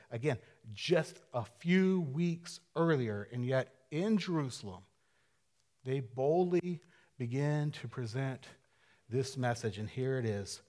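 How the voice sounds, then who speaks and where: A pastor with a medium-pitched voice preaches conversationally and dynamically, sinking to a hush before rising to loud emphasis, with casual asides and quick self-corrections.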